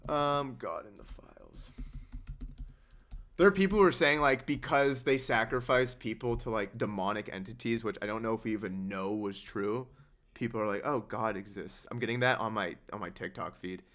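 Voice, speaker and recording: Young man, livestream host, casual rambling chat, sarcastic tone, average pitch. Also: normal speed, a bit bright. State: injured hand.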